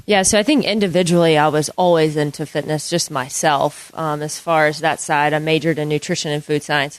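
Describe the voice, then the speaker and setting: A young woman, a golf and fitness instructor, answering interview questions softly with many ums and fillers. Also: sits low. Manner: soft-spoken, many ums and you-knows.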